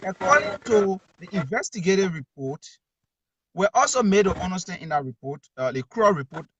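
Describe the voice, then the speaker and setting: A man's voice: high voice, animated, normal speed, dull audio, noisy background. A man with a Liberian accent, a journalist calling in who argues emphatically and repeats his key words. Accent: Liberian English. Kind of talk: call-in talk show.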